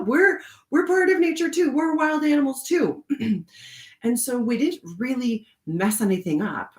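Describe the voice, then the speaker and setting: A woman casually telling a personal story with many fillers, now and then jumping into a high voice to act out what she said. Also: roomy sound. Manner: chatty, many fillers, acts out quotes in a high voice. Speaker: host of a card reading channel.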